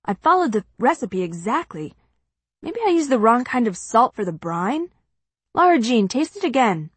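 A woman's voice: on the high side, big pitch swings, moderate pace, husky, no room sound. Woman reading an earnest, fussy middle-aged dad, plain near-natural voice, dry recording. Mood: fretting. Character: fussy middle-aged father, home cook.

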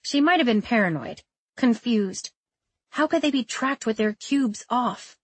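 A woman reading a novel aloud as narrator, in a steady, measured way. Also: on the high side, breathy edge, no room sound. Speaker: audiobook narrator. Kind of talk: scripted narration.

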